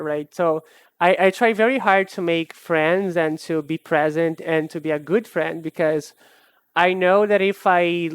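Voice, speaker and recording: Rambling, self-deprecating art streamer, smooth voice. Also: medium pitch, no room sound. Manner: rambling and self-deprecating, with frequent laughs and restarts. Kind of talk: casual live-stream chat while drawing.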